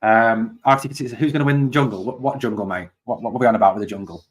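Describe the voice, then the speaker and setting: A man hosting a live fan watch-along of a football match. He calls the play, chats with viewers about their comments and sometimes shouts at his team in exasperation. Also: mid-range voice, very fast. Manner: chatty, reads out and answers viewer comments. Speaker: fan channel host.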